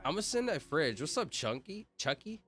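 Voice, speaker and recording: Male streamer, loose rambling chat, bright and animated, faint background music. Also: on the high side, moderate pace. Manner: rambling, joking, reading chat aloud. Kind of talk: casual livestream chat.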